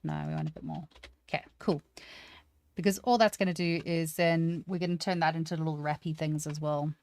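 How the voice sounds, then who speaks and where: A woman's voice: low voice, steady tone, a little fast, creaky, darkish tone, no room sound. A woman teaching 3D sculpting on a live stream, chatting casually and poking fun at herself as she works things out aloud. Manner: thinks aloud, self-deprecating, chatty.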